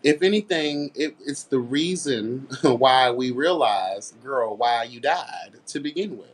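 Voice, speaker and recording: Brief: male commentary host, sassy, blunt, emphatic, mid-pitched voice. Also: expressive, takes it slowly. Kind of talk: casual commentary rant.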